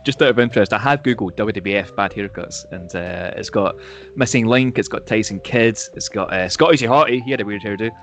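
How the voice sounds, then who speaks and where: A man's voice: fairly low pitch, brisk, fairly bright tone. A man co-hosting a casual podcast, laid-back and rambling, swearing between fillers. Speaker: podcast co-host. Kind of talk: casual chat.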